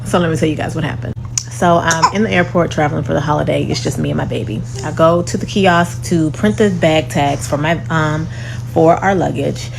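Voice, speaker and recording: A woman telling a dramatic airport story to her viewers in a sassy, lively way. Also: deep voice, a little fast, vocal fry, music in the background, low-quality recording. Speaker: storytelling vlogger. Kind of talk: animated storytime. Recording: humming background noise.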